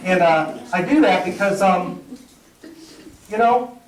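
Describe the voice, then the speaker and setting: Energetic middle-aged male workshop trainer. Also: sits high, takes it slowly. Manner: energetic storyteller, acts out dialogue, laughs at own jokes. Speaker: presentation skills trainer. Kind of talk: live workshop talk. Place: meeting room with audience. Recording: roomy sound from a distance.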